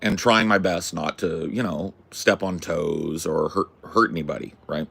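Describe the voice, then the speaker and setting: A man hosting a podcast, ranting through a story as a brash, profane self-declared loudmouth who keeps asking "right?". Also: deep voice, steady tone, a little slow, creaky. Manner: punctuates points with "right?". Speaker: podcast host. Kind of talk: casual storytelling rant.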